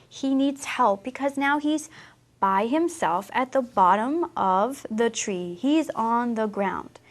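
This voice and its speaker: A woman teaching English who talks young learners through a picture book, asking them gentle questions. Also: a little high. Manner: slow, warm, questioning teacher talk.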